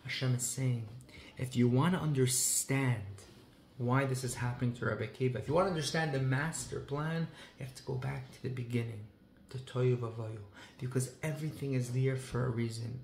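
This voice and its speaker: A man's voice: mid-range voice, fairly even intonation, brisk, vocal fry, a little mellow. A man in a middle register telling a story with feeling, his voice leaning hard on key words and mixing in Hebrew and Yiddish phrases. The room rings around him with a roomy echo. A faint hum of ambience sits underneath. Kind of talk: heartfelt storytelling talk.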